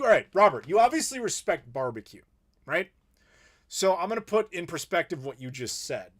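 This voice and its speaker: A middle-aged American man with a slightly raised pitch hosts a casual live Q&A. He rants in a playful, opinionated way and reads out viewer messages. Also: fairly bright tone. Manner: opinionated, playful ranting with laughs. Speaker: YouTube host.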